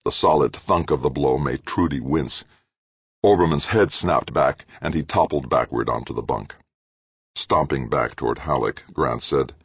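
A male audiobook narrator with a very deep, gravelly voice and a husky rasp. He reads with lively, animated pitch and dramatic drive. The sound is dry and close. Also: moderate pace, no room sound. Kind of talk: scripted narration.

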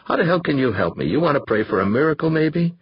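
A man's voice: sing-song, fast, husky, no room sound, dull audio, heavily acted. A man voicing a bitter, crude male biologist who talks curtly and swears. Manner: curt, swearing, low and tired.

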